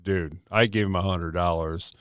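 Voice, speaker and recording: Laid-back Midwestern co-host, low voice, smooth and resonant, dry sound. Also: male voice, moderate pace, no room sound. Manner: relaxed, laid-back banter. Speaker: podcast co-host. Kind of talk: casual chat.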